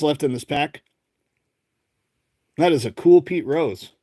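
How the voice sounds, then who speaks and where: A man's voice: fairly high pitch, slow, pauses often, warm tone, no echo. A man with a Boston accent hosting a casual live stream, chatting and rambling as he calls out names one after another. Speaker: live-stream host opening card packs.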